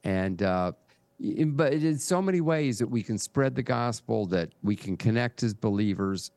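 An older man speaks as a podcast guest, with a fairly low voice. He talks in a measured, reflective way, and his voice is recorded close and dry. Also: expressive, darkish tone, no room sound. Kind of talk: conversational interview.

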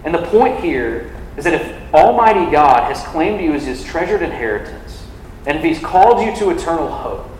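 A young man with a higher, slightly mellow voice preaches a sermon to a campus ministry, speaking conversationally with many "like" fillers. He's recorded from a distance in an echoey hall, with a little hiss or hum.

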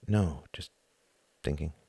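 A man reading an audiobook, voicing a tired, subdued grown son in a quiet way close to his own voice. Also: extremely low pitch, slow, gravelly, breathy edge, dry recording, full character voice. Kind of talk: audiobook character voice.

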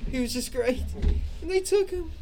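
A man's voice: lively intonation, normal speed, a little mellow, slight background noise. A man voicing a disheveled villager father who pants and sobs as he begs for help in a tabletop game. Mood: pleading sobbing. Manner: high pleading wails, begging. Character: distraught sobbing villager man, frantic father.

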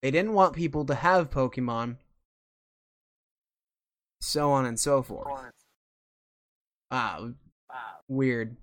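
Casual host, rambling and eager, lots of ums, middle pitch. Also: slow pace, long pauses. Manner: rambling and enthusiastic, with many fillers. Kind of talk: casual chat about video games.

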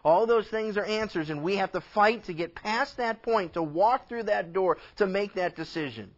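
High-voiced impassioned preacher, lo-fi. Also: male voice. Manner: impassioned, swings between loud emphatic preaching and quiet asides; acts out dialogue with God and others in quick conversational voices. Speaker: pastor. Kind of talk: expository Bible teaching sermon.

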